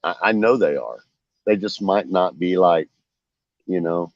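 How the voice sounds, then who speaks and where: A man chats while fishing outdoors at night, full of fillers. His voice sits low. The dry sound is dull and lo-fi. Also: unhurried, no echo. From Oklahoma. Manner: rambling, many fillers, storytelling. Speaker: vlogger, angler. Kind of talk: casual chat while fishing.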